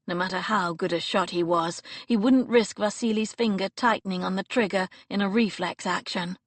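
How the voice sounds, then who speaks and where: A woman narrating an audiobook in an expressive, dramatic reading. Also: mid-range voice, dry recording. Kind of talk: scripted narration. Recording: dry close studio recording.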